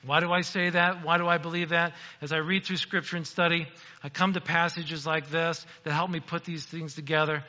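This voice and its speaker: A man's voice: fairly high pitch, flat delivery, brisk, pushed and bright, in a large hall, muffled recording. A middle-aged man, a pastor, preaching a sermon in a church sanctuary in a conversational, self-deprecating storytelling way.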